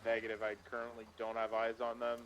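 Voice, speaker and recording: A man's voice: medium pitch, monotone, fast, slight background noise, low-quality recording. A man giving clipped, procedural police radio callouts in a roleplay game.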